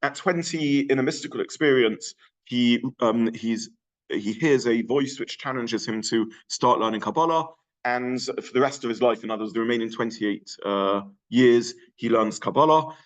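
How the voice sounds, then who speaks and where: A middle-aged man delivers an adult education lecture in a voice of middling pitch. He talks in a thoughtful way, pausing often and restarting his sentences with plenty of fillers. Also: low-quality recording.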